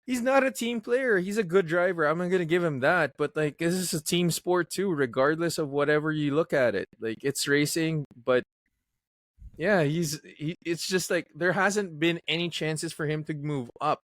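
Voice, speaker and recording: A man's voice: on the high side, normal speed, a bit bright, no room sound. A man co-hosting a casual podcast chat, talking emphatically with frequent fillers. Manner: emphatic, bold predictions, many fillers. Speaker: podcast co-host.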